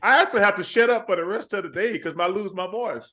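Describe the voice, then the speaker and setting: A man, a guest telling animated stories in a casual interview. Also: high voice, fast talker. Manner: animated storyteller, quoting himself and others.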